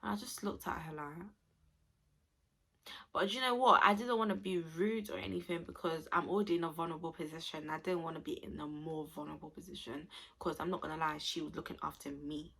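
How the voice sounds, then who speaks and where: Gravelly, bright-voiced young woman. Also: low-pitched, fairly quick. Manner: chatty, expressive, addresses viewers directly. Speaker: vlogger. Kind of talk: casual storytelling to camera.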